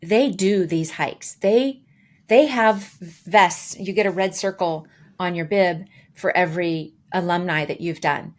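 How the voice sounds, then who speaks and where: A woman co-hosting a podcast, casually telling a story with lively, acted-out quotes. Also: lowish voice, unhurried. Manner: animated, acts out quoted dialogue with voices. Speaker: podcast co-host.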